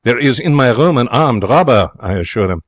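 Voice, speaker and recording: An actor playing an excitable young Frenchman in a radio drama, speaking broken English in a French accent with theatrical, emotional delivery. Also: mid-range voice, brisk, no room sound, close to an everyday voice. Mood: wistful. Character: young excitable romantic Frenchman, former hotel cashier. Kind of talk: 1940s radio drama narration.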